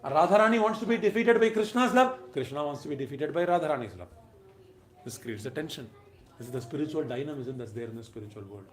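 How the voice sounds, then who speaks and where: A man's voice: fairly high pitch, expressive, fast talker. Emphatic male speaker in an echoey room. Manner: emphatic, rising and falling between loud and soft phrases; briefly chants verses. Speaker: lecturer. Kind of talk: devotional lecture.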